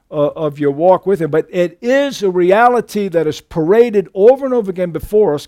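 A man's voice: on the high side, a little mellow, no echo, clean studio sound. A man preaching a sermon as pastor, emphatic and rising sharply for emphasis.

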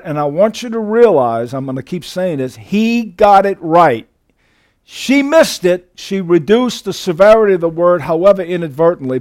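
A man's voice: sits high, darkish tone. A man preaching a sermon, teaching through scripture verse by verse and stressing key words with emphasis.

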